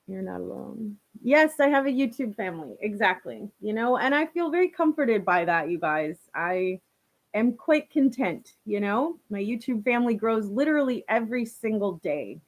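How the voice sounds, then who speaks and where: The recording is muffled as a young woman from Canada, speaking in a mid-range voice, hosts a casual live stream. She talks warmly with viewers, reads their comments, laughs often, and fills her speech with "like" and "you know."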